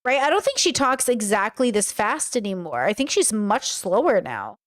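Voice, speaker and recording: A woman's voice: medium pitch, big pitch swings, normal speed. A woman with a Californian accent giving chatty, self-reflective reaction commentary. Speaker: host reacting to a clip.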